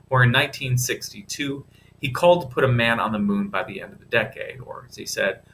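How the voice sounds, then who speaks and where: A man's voice: mid-range voice, sharp tone, a little hiss or hum. A male history teacher giving a recorded lecture in a casual, chatty way, with asides to the listener.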